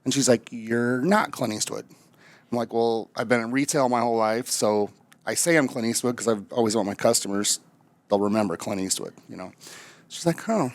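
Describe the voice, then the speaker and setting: A man's voice: medium pitch, a little fast. A man from Nebraska telling a chatty, jokey story as a guest, a frog in his throat. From Omaha, Nebraska. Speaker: guest, camper finance manager. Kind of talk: casual storytelling.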